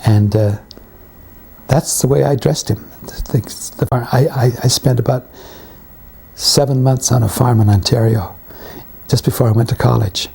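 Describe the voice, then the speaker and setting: A husky, raspy-voiced man. His tone is mellow and warm as he tells wry career anecdotes in an interview. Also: medium pitch, fairly even intonation, normal speed, pauses often. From Canada. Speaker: veteran actor and writer being interviewed. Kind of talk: reminiscing interview.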